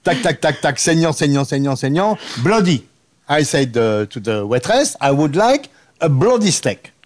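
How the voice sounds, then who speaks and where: Guest impressionist: French-accented man spinning a comic tale in broken English, playful, laughing at his own jokes; slightly high, very animated pitch. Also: moderate pace.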